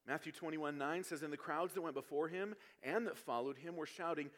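A man preaching a sermon in a fairly high voice. He explains scripture verse by verse and climbs into loud, emphatic passages. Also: fairly quick, few pauses. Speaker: pastor.

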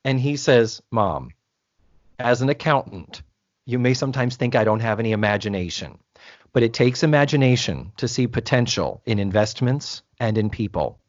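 A man's voice: medium pitch, lively intonation, moderate pace, no room sound. A man co-hosting a podcast, chatting casually as he recaps a TV episode, acting out the characters' lines and swearing freely. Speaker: podcast co-host. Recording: dull lo-fi dry sound.

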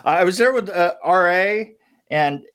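A man's voice: high-pitched, expressive, moderate pace, fairly bright tone, clear, resonant tone. Rambling, laughing middle-aged man. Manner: rambling, stammering restarts, self-mocking laughter. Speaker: podcast guest. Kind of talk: casual storytelling chat.

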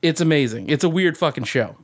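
A man's voice: on the high side, animated, fairly quick. A man co-hosting a podcast, telling rambling stories in casual chat with lots of swearing and laughter. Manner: rambling, profane, laughing storyteller. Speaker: podcast co-host.

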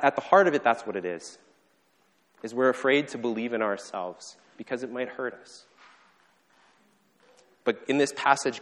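A man preaching a sermon, telling a story earnestly and falling to a soft hush when he quotes the characters. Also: fairly low pitch. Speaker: pastor. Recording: long hall reverb.

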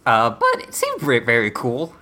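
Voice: medium pitch, huge pitch swings, moderate pace, sharp tone. A podcast co-host chatting casually, cracking jokes with many fillers.

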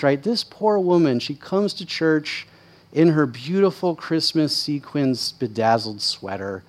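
Chatty, self-deprecating male pastor. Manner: candid, self-deprecating, chatty with frequent "right?" asides; lively, rising in pitch and volume when excited. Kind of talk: conversational sermon storytelling.

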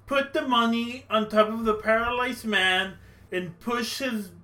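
A man's voice: extremely high pitch, fairly even intonation, unhurried, bright, forceful tone. A man chatting about a movie on a podcast, asking incredulous questions. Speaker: podcast co-host. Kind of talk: casual chat.

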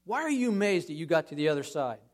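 A man giving a conversational sermon in a church as a guest speaker, acting out scripture scenes with lively emphasis. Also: a little high, fast talker.

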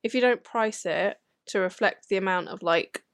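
A woman's voice: medium pitch, moderate pace, a bit bright, no room sound, clean studio sound. A woman with a British accent, a guest in a podcast interview, shy and self-deprecating with frequent laughs. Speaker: guest illustrator. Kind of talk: casual interview chat.

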